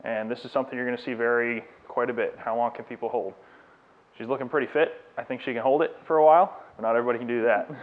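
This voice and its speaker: A man's voice: medium pitch, steady tone, fast talker. A man who is a fitness trainer, giving a live demonstration lecture and coaching a client through exercises. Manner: coaching instructions, encouraging and explanatory. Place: fitness studio. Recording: tinny phone-like sound.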